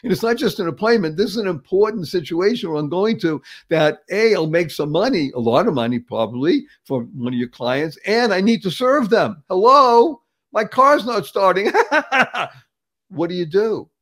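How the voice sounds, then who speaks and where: Older guy in his 70s, peppy motivational speaker, kinda high voice, keeps laughing and saying hello. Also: lively intonation, brisk, few pauses. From Boston area, USA. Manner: emphatic, repeats words, laughs often, says "hello" as a punchline. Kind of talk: upbeat motivational interview talk.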